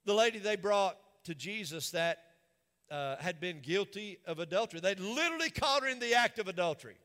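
A man preaching with a very high, bright, forceful voice and an emphatic, repetitive cadence. His words ring out with a long reverb, as in a large church sanctuary. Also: expressive, brisk. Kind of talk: sermon.

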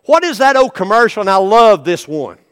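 A middle-aged preacher with a high voice, delivering a lively sermon. His tone is bright, and he slips into the voices of the people in his stories. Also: brisk, smooth. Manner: animated preaching, acts out quoted voices. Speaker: pastor.

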